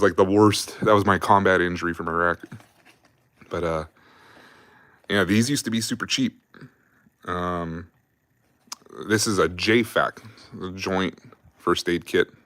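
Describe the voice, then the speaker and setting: A man's voice: deep voice, a bit bright, no room sound. A young adult man telling army stories on a livestream in a casual, rambling, profane way, laughing often. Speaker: livestream host.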